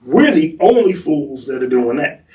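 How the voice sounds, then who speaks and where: A man who works as a tour guide, telling stories in an animated way and acting out the people he quotes. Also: on the high side, moderate pace, recorded from a distance, poor audio. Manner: acts out the people he quotes in bursts. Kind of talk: animated storytelling.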